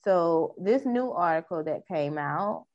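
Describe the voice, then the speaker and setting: Lower-voiced woman reading news casually. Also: animated, takes it slowly, no room sound, highs cut off. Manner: reads news aloud, then chats loosely. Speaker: podcast co-host reading news.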